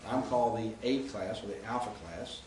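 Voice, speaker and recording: A man's voice: on the low side, normal speed, a little mellow, roomy sound, slight background noise, low-quality recording. A man teaching Greek grammar in a classroom lecture, explaining and reciting word forms.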